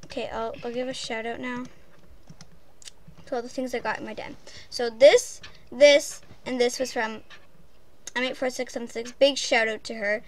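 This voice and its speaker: A woman's voice: a little high, steady tone, moderate pace, pauses often. A woman host chatting casually and apologetically over gameplay, giggling often. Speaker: channel host.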